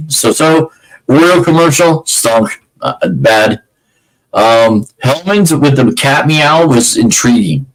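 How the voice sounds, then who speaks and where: A man's voice: mid-range voice, low-quality recording. A man hosting a podcast, giving a casual, rambling rundown with frequent restarts and fillers. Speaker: podcast host. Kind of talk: casual solo commentary.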